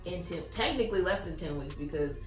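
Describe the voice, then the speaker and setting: A woman's voice: lowish voice, lively intonation, a little fast. A woman co-hosting a podcast in casual chat, blunt and sassy, full of "like". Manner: blunt, sassy commentary with lots of "like". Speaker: podcast co-host. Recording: roomy room with faint music.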